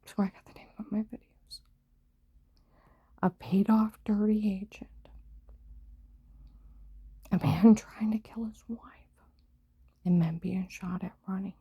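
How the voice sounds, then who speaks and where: A woman vlogging in a rambling personal monologue, mostly in an unvoiced whisper with sudden louder outbursts, telling her story in urgent run-on bursts. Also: mid-range voice, steady tone, slow pace, vocal fry, pauses often, breathy edge, no echo.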